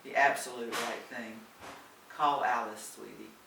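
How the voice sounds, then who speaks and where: A man voicing a calm, reassuring woman who comforts her friend, soothing and affectionate, recorded far off in a roomy space. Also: medium pitch, measured pace, creaky. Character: calm reassuring woman, loyal travel companion. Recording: roomy, distant, faint hiss.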